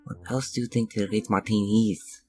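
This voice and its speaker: A man's voice: on the low side, fairly even intonation, brisk, warm tone, faint music behind, close to an everyday voice. A man voicing an exhausted, self-important male cat-folk character who mumbles wearily. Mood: weary.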